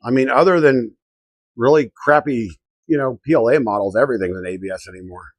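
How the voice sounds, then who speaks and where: A middle-aged man from Colorado hosts a casual live stream, muttering to himself and reading his chat aloud as he works. His voice is medium-pitched and a little fast, with no echo.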